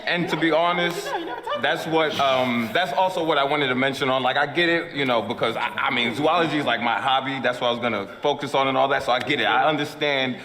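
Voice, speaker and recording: A man's voice: medium pitch, a little fast, sharp tone. A man speaking casually and hesitantly in a panel discussion, with many fillers. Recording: echoey hall with crowd behind.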